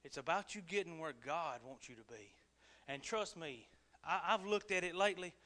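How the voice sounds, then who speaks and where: A man's voice: a little high, animated, normal speed, bright, forceful tone. A male pastor preaching a folksy, humorous sermon in a church service, earnest and colloquial, often chuckling.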